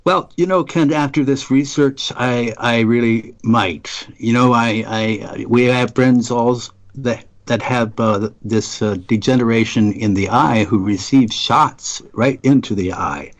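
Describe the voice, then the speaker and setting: A man co-hosting a radio talk show, halting with restarts, then reading out science notes. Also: medium pitch.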